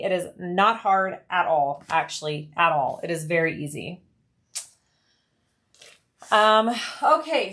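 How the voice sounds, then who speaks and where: A middle-aged woman with a medium-pitched, slightly bright voice hosts a casual livestream while sewing. She chats, walks through each step, and reads out viewer comments.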